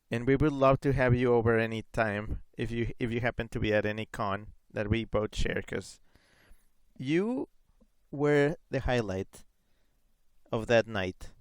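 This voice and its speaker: A man's voice: mid-range voice, smooth, no echo. Rambling man streaming a game. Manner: rambling, many fillers, reads chat messages aloud. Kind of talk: casual live-stream chat while gaming.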